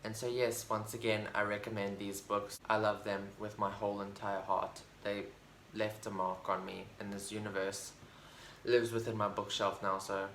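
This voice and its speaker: A man with a lowish voice talks through his favorite books in a loose, enthusiastic vlog chat, stumbling and restarting as he goes. The room around him rings with echo, and a faint hiss sits underneath. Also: flat delivery, moderate pace, fairly bright tone. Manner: rambling, enthusiastic, full of fillers and restarts. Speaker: book vlogger. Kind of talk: casual book review chat. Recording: roomy echo, faint background noise.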